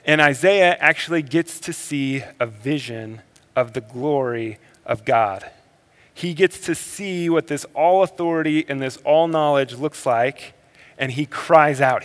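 A man preaching a sermon as a pastor, moving between energetic emphasis and quiet, slow reflective passages. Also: medium pitch. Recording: long hall reverb.

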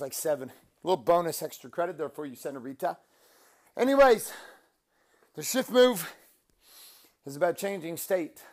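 A man's voice: fairly high pitch, no echo, clean studio sound. A man hosting a motivational talk, coaching listeners through breathing and counting out drills with energy. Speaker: motivational podcast host.

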